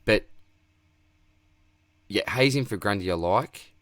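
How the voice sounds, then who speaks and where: A man's voice: fairly low pitch, slow pace, fairly bright tone, no room sound. A man with an Australian accent hosting a casual livestream Q&A, reading viewer questions aloud and answering in a laid-back way, calling everyone mate. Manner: laid-back, reads chat aloud, says mate constantly.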